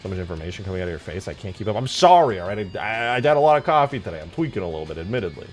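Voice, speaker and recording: A young man hosting a casual livestream, hyper and jokey, often bursting into loud shouts. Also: sits low, big pitch swings, racing, soft background music. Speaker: livestream host and game modder.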